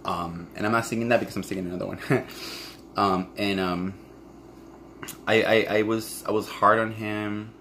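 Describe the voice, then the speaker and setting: A man's voice: fairly low pitch, steady tone, normal speed, fairly bright tone, a little hiss or hum. A man talking candidly to camera in a raw, profane, emotional monologue about a past relationship. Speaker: vlogger.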